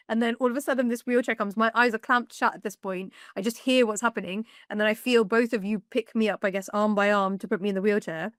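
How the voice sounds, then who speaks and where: A young woman telling her own story as a podcast guest, lively and emotional, often laughing and acting out what others said. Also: fairly high pitch, quick pace, few pauses, dry recording, clean studio sound. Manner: lively, laughing retelling with quoted dialogue. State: emotional, close to tears. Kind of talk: personal storytelling.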